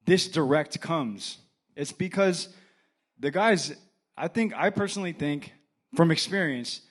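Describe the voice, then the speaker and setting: A young man, an assistant pastor, preaching a casual sermon, telling the story with animated acted-out dialogue. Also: fairly high pitch.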